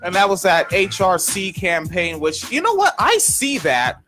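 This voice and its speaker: A man's voice: sits high, wildly swooping pitch, unhurried, bright, forceful tone, faint music behind. A man co-hosting a podcast in casual chat, joking and swearing, with lots of "uh" and "um.". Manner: loose, profane, joking, many fillers. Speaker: podcast co-host.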